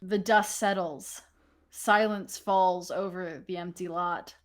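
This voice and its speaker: Laughing woman game master, slow telling. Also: on the low side. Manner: lively, laughs often, swears casually. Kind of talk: narrating a tabletop game.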